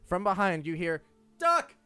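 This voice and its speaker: A young man narrating as game master, lively and quick with small stumbles. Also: on the high side, faint music behind.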